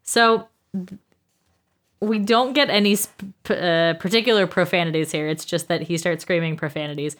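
A woman co-hosting a podcast in casual chat, playful and animated, asking joking questions. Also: fairly low pitch, moderate pace. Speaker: podcast co-host.

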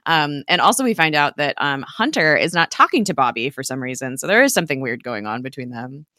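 A young woman with a notably low-pitched voice recaps a TV episode in a loose, chatty style. She fills her talk with ums and acts out the characters' lines with laughing asides. The sound is dry and close, with no room echo. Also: expressive, a little fast, sharp tone. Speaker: podcast co-host recapping a TV episode. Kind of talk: casual chat.

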